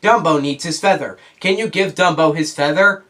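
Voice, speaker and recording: A man mimicking a flat, whiny little girl. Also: a little high, moderate pace. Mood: mocking. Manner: monotone mocking imitation. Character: flat mopey young girl, mocked.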